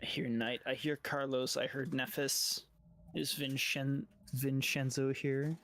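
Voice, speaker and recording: A man running a tabletop game as dungeon master, speaking over a voice call. He jokes quickly with his players, then slows into descriptive narration of the scene. His tone stays casual throughout. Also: medium pitch, flat delivery, a bit bright. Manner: casual, joking, quick asides. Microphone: headset or desk mic on voice call.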